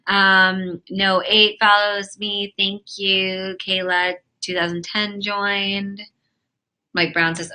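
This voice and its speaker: Talking directly into her phone or webcam from home, a woman hosts a live webcam chat room, reading viewer messages aloud and answering in a flirty, easily flustered manner. Her middle-pitched voice is bright with a sharp edge, though her delivery is slow and flat. The audio comes from a phone or webcam mic.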